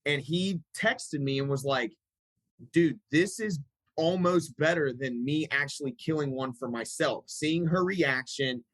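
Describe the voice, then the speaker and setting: A man's voice: on the high side, measured pace, a bit bright, no echo, low-quality recording. A man speaking as a podcast guest, casual and emphatic, with a laid-back, buddy-like way of talking. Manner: emphatic and laid-back, calls people dude.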